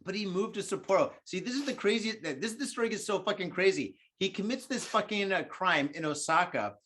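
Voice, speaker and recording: A man's voice: sits high, animated, brisk, fairly bright tone. A tipsy man hosting a podcast, rambling and joking in a profane, casual chat. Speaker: podcast host.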